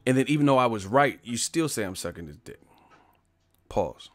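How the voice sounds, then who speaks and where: A man's voice: medium pitch, lively intonation, moderate pace, no room sound. A man hosting a casual boxing live stream, laughing and swearing as he mocks his chat. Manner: laughing, profane, mocking banter.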